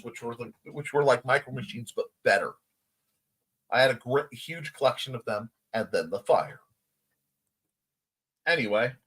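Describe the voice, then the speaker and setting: Guy hosting a chill morning stream, reads chat out loud and cracks up, voice bounces around a lot. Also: medium pitch. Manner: reads viewer chat comments aloud, laughing along. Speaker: host. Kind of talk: casual livestream morning chat.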